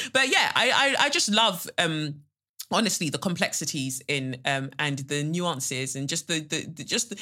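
A woman's voice: deep voice, pushed and bright. A woman hosting a podcast, talking candidly and bluntly in a casual monologue and swearing freely. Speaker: podcast host and actor. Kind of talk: casual monologue, reading a listener letter.

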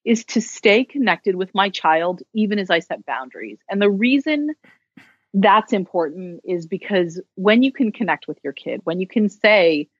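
A woman's voice: medium pitch, dry recording, muffled recording. A woman who is a social worker, speaking as a podcast guest in a candid, chatty way with self-deprecating humor. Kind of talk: casual interview conversation.

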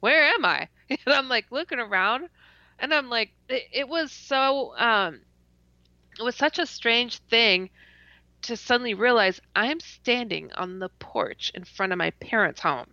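A woman telling a personal story in a casual interview, animated and laughing often, stuttering and restarting as she goes. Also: on the high side, a little slow, no echo. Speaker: interview guest. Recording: dull lo-fi dry recording.

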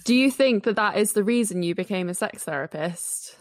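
A woman's voice: mid-range voice, lively intonation, fairly quick, no room sound, clean studio sound. A young woman co-hosting a podcast, thinking aloud in a loose, musing way with lots of filler words. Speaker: podcast co-host. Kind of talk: conversational podcast interview.

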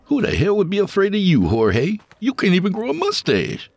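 A man's voice: high voice, wildly swooping pitch, brisk, creaky, no room sound, exaggerated voice. An actor playing a cocky young college student who teases his friends. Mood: teasing. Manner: joking, ribbing.

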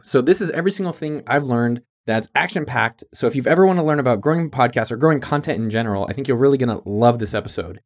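A man's voice: medium pitch, very fast, few pauses. A man hosting his own podcast in a hyped, jokey, casual monologue with some cussing. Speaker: podcast host.

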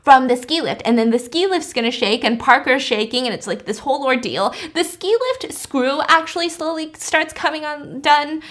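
A woman's voice: sits high, moderate pace, few pauses, fairly bright tone. Chatty young woman recapping a movie. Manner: chatty storyteller, filler-heavy, laughs often. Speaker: podcast host. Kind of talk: casual movie recap chat.

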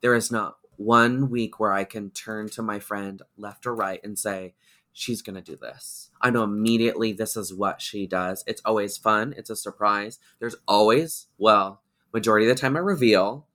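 A man from Washington State, a drag performer, talks casually as a podcast guest. He rambles and pokes fun at himself, and his voice has a bright, forceful edge. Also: fairly low pitch, steady tone, moderate pace. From Washington State, USA. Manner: chatty, rambling, self-deprecating. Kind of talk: casual chat.

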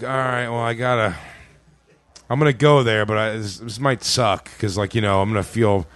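A man's voice: mid-range voice, clean tone, no room sound. A man, a comedian guest on a podcast, telling a funny anecdote with laughs and quoted voices. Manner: animated anecdote with laughs, quoting people in voices. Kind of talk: podcast storytelling.

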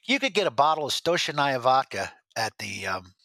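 A man as the podcast guest, telling rambling stories with halting restarts. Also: medium pitch, very animated, vocal fry, sharp tone, dry recording. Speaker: guest, former drug agent. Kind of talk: storytelling interview.

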